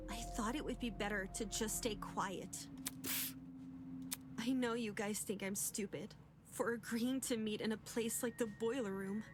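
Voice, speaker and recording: A woman reading the lines of a timid, self-blaming young woman from a game, slowly and hesitantly. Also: on the high side, steady tone, background noise, close to an everyday voice.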